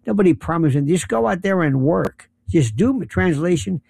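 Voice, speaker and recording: Gravelly, animated sarcastic ranter. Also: medium pitch, normal speed, no echo, studio quality. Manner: sarcastic, exasperated, mocking. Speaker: political commentator. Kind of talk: ranting monologue. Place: lives in New York City.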